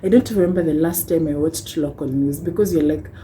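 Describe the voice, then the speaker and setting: A woman's voice: sits low, brisk, dark tone, slight background noise, rough recording. A young Kenyan woman with a Kenyan accent ranting on a vlog, impassioned and rhetorical, tagging points with "hmm?" and wry laughs. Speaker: vlogger.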